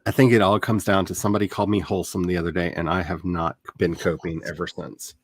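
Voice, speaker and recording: A middle-aged man hosting a writing livestream, chatty and animated, with quick laughs and dramatic asides. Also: sits low, dry recording. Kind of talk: casual livestream chat.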